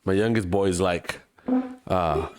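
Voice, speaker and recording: A man from Mexico, co-hosting a podcast, telling a travel story with lively acted-out voices and plenty of swearing. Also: low-pitched, measured pace, clean tone, no echo, studio quality. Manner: animated storyteller, acts out other people's voices, swears freely. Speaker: podcast co-host. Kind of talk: casual chat, storytelling.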